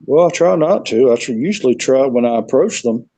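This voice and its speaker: A man's voice: mid-range voice, lively intonation, fairly quick, warm tone, breathy edge, no echo, poor audio. A man with a Southern US accent, telling his story in a rambling, casual way on a remote call. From South Carolina, USA. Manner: rambling storyteller, acts out quoted voices. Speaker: guest. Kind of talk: casual conversation.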